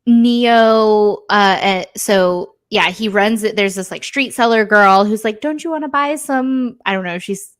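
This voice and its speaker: A woman co-hosting a podcast, retelling a show in casual chat with animated storytelling and acted-out lines. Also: mid-range voice, a little slow, few pauses, clear, resonant tone. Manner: animated storytelling, acts out characters' lines, many "like" fillers. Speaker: podcast co-host.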